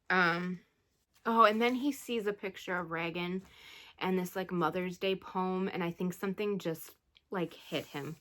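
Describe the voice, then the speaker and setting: A woman's voice: lowish voice, fairly even intonation, normal speed, fairly bright tone. A woman vlogger chatting casually about a book she read, retelling it in a rambling, emotional way with sighs. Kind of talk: casual book review chat.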